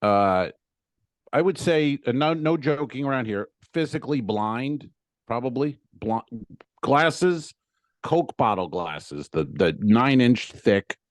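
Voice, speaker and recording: Guy telling a crude funny story on a podcast, mid-pitched, super dry mic. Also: takes it slowly, no echo. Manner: animated, profane, acts out exclamations. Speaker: podcast co-host. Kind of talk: casual comedic storytelling.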